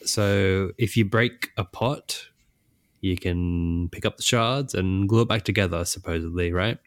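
A man co-hosting a casual podcast chat, animated and quick to laugh. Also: low voice, no echo, clean studio sound. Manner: animated, laughs often, acts out characters' lines. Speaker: podcast co-host.

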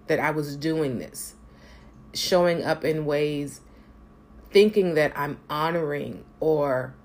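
A woman talking earnestly and emphatically about personal growth and spirit, swearing now and then for emphasis. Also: low-pitched. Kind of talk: personal reflective talk to camera.

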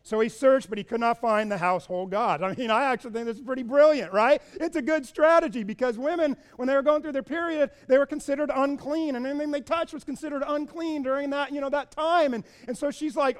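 A man with a high voice preaches a sermon, reading scripture and breaking into playful asides. He acts out the people in the story with lively, animated delivery. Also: quick pace, few pauses, clean tone. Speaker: pastor.

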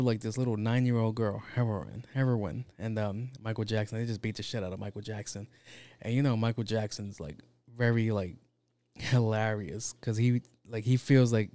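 Here a man whose voice sits on the low side, dark in tone, delivers a loose, funny rant. He rambles, curses, and leans heavily on fillers, and there's no room sound at all.

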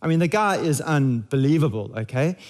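A man's voice: on the high side, lively intonation, brisk, darkish tone. A man, preaching a sermon in a conversational, jokey way with frequent restarts. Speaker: pastor.

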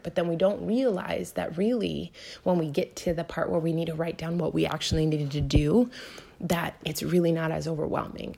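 A woman in her thirties giving an earnest, direct self-help talk, often dropping to a soft whisper to stress a point. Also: low-pitched, creaky, slightly rough. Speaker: motivational podcast host.

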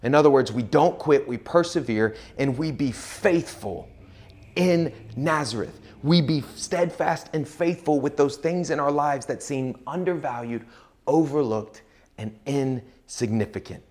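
A man preaching a sermon in a conversational way, dropping low and slow to stress key points. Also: darkish tone. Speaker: pastor.

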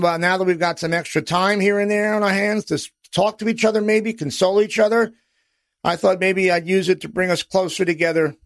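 A middle-aged man hosts a podcast in a blunt, profane wise-guy manner. His voice sits high for a man and has a gravelly rasp. The sound is dry and close to the mic. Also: no room sound. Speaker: podcast host. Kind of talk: personal podcast monologue.

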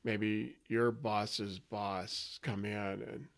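A male company chief executive answering interview questions in a measured, businesslike way. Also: lowish voice, little pitch movement, creaky, a bit bright. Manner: measured, businesslike, repeats for emphasis. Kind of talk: interview conversation.

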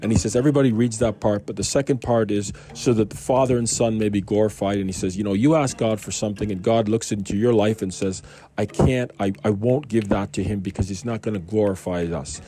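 Low, mellow-voiced man musing on scripture. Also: fairly even intonation, quick pace, hardly any pauses. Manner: rambling, conversational, full of rhetorical questions. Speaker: Bible reading host. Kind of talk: casual devotional talk.

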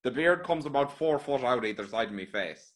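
A man's voice: mid-range voice, lively intonation, a little fast. An Irish man chatting as a guest on a live podcast, with dry, joking understatement. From Ireland. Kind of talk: casual chat on a live stream.

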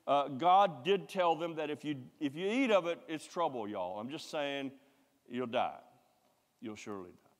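A man preaching a sermon, emphatic and repetitive, swinging from loud to hushed. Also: fairly high pitch, expressive, normal speed. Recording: long hall reverb.

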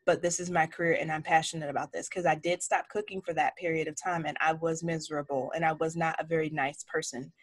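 A chef of forty, speaking from a home office stacked with cookbooks, tells candid stories in a casual interview and acts out people's words with animation. Her low voice moves at a quick pace with few pauses.

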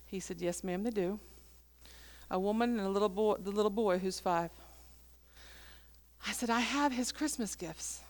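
A woman's voice: mid-range voice, moderate pace, long pauses. Woman pastor telling a sermon story. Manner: storytelling, acting out quoted dialogue.

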